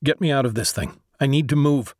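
A man's voice: medium pitch, a little fast, a little mellow, no echo, clean studio sound, voice pushed up, lightly acted. A man voicing an agitated male navy lieutenant trapped in a robot body, with demanding, clipped military speech.

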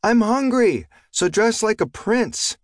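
A high, pouty little princess girl, bossy and huffy, demanding her due in an audiobook, as a deep-voiced male narrator puts her on. Her voice sits far above his own, in a dry, close recording. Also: very animated, slow, no echo, exaggerated voice. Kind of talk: audiobook character voice.

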